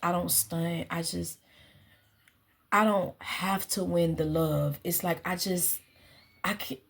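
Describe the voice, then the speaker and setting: Gravelly low-voiced woman musing softly. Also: steady tone, takes it slowly, slight background noise. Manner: earnest, musing, repeats phrases. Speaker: astrological guide and healer. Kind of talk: casual spiritual reflection.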